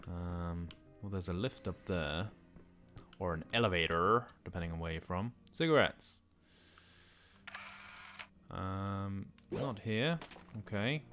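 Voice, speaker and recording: A man's voice: low voice, animated, takes it slowly, pauses often, a bit bright. A middle-aged man with a sweary, joking way of talking to himself as he comments on a game he is playing. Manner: sweary, jokey, talks to himself. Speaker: let's play host. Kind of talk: casual gameplay commentary. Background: background game music.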